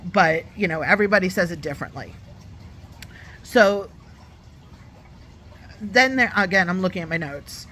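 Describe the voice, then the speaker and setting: A woman talks straight to her viewers in a casual, opinionated reality-TV review. Her voice is bright and forceful, and her delivery is animated whenever she acts out other people's lines. Faint noise sits behind her. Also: on the low side, moderate pace, long pauses. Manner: chatty and opinionated, acts out quotes. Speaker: YouTube reviewer.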